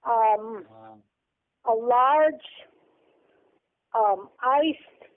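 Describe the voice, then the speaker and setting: Older woman guest, slow and unsure, fairly high voice, phone-like audio. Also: slight background noise. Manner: hesitant, with many ums. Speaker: podcast guest. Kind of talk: casual podcast chat. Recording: tinny phone-like sound.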